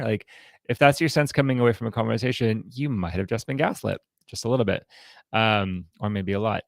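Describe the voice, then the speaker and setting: A man with a fairly low, gravelly voice gives an informal teaching talk to a counseling group. He speaks haltingly, often restarting and repeating words as he feels his way through each point. The sound is close and dry, with no room echo. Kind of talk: informal teaching talk with role-played examples.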